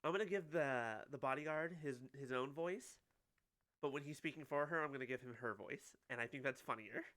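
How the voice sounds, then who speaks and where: A man giving casual, chatty let's-play commentary and reacting excitedly to his chat. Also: mid-range voice, fairly quick. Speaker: streamer playing a game. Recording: clear background noise.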